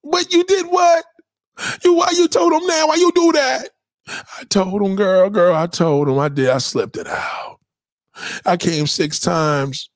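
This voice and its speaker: A brash, gossiping woman, as a man puts her on, spills crude news to her girlfriend. She talks in an excitable, breathless rush, a few notes above his usual voice. The sound is dry and close. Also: fairly high pitch, slow pace, dry recording, pitched above the performer's own voice. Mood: gushing.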